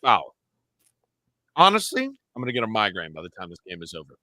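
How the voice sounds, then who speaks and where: A man's voice: deep voice, fast talker, pushed and bright, no echo. A young man co-hosting a live football watch-along, full of casual jokes, teasing and blunt opinions. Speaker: co-host of a match watch-along. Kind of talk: casual sports banter.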